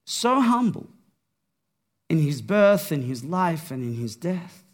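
A man preaching a sermon, with a slow, dramatic delivery that swings from hushed to raised. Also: a little high, very animated.

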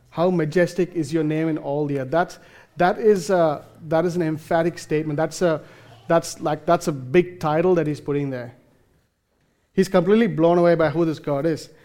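Earnest preacher man, mellow voice. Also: on the high side. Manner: earnest, emphatic, with frequent fillers and restarts. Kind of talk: sermon.

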